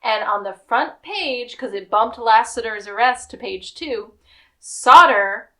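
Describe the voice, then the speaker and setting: This podcast co-host has a fairly high voice and a slow pace. She casually recaps a TV episode, animatedly voicing the characters' lines between laughs.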